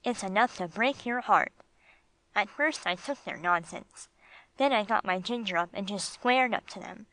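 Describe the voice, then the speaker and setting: A woman voicing a gruff, streetwise male bulldog with slangy tough-guy talk, read for an audiobook. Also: medium pitch, normal speed, a bit bright, no echo, lightly acted, poor audio.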